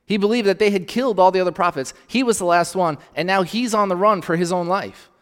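A man's voice: high voice, quick pace, a bit bright, smooth, long reverb tail. A male pastor preaching in a conversational way, often checking in with his congregation. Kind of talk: sermon.

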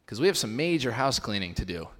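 A man's voice: medium pitch, very animated, fast, a bit bright. A young man preaching a sermon as pastor, speaking in a casual style with fillers and lifting his voice to stress the scripture he reads. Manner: conversational, with fillers, rising emphasis when reading scripture. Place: church hall. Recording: long reverb of a church hall.

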